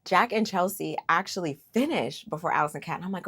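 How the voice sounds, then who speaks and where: Woman, low voice, casual chatty recap, opinionated, fillers, gets animated. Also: fast talker, husky. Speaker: recap host.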